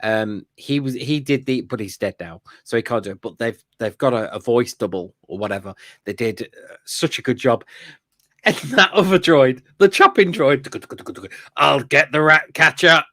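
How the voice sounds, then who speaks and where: In a laid-back fan review chat, this male co-host gets excited and wanders from point to point, laughing and using plenty of fillers. He has an expressive mid-range voice at a moderate pace, captured dry in a clean studio.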